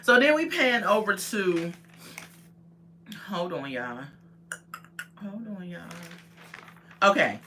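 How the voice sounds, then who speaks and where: Bright-voiced woman recapping casually. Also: medium pitch, takes it slowly, pauses often, slight background noise. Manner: animated storytelling, acts out quotes, laughs often. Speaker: reality show recap vlogger. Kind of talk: casual chat.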